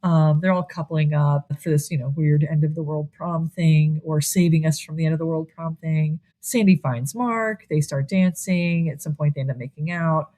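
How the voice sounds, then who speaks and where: A woman with a slightly low voice chats her way through a movie recap on a podcast. She tells it animatedly, dropping into quick put-on voices for each character and breaking into laughs along the way. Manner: animated retelling, acting out lines in quick voices, laughs often. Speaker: podcast co-host. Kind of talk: casual movie recap chat.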